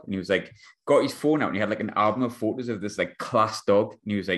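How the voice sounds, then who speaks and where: Young guy telling a daft story on a podcast, slangy, laughs a lot, lowish voice. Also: quick pace, a bit bright. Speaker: podcast host. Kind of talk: casual storytelling chat.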